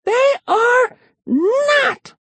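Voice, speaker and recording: A man voicing a loud, whiny six-year-old girl in an audiobook. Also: expressive, extremely slow, no room sound, exaggerated voice. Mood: whiny demanding. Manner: shrill, whiny and demanding. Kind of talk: audiobook character voice.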